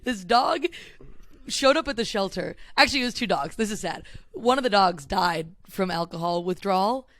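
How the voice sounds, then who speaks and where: A woman's voice: mid-range voice, animated, moderate pace, fairly bright tone, no room sound. A woman co-hosting a comedy podcast, chatty and giggly as she relays a news story. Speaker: podcast co-host. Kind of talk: casual comedic chat.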